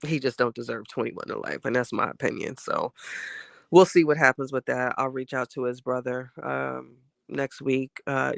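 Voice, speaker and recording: Man, host, casual rambling chat, gravelly yet smooth voice, dry close sound, has a cold. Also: medium pitch, pushed and bright, no room sound. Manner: candid, rambling, heartfelt commentary.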